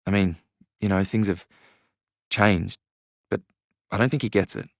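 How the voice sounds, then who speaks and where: A man voicing an anxious young woman who speaks haltingly, with fillers and breaks. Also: fairly low pitch, vocal fry, no echo, studio quality.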